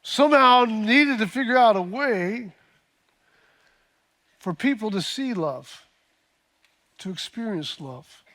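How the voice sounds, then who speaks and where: A man's voice: high voice, fairly bright tone. A man preaching a sermon as pastor, telling a story with fillers and repeated words before building to emphatic peaks.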